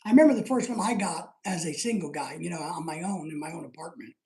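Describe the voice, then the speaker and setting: A man's voice: on the high side, fast, darkish tone. A middle-aged man hosting a live stream in casual chat, reading out viewer comments, rambling and joking, laughing often. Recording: roomy echo.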